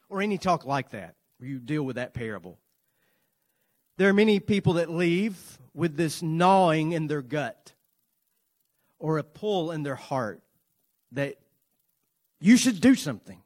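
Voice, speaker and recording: A pastor preaching to his congregation, earnest, with dramatic swings between loud emphasis and soft, quiet lines, and playful asides. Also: a little high. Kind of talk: sermon.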